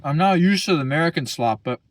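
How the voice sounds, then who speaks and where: A man's voice: fairly high pitch, expressive, quick pace. A young man talking casually as a vlogger, rambling and profane, full of slang. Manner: slangy, profane, rambling, keeps saying bro.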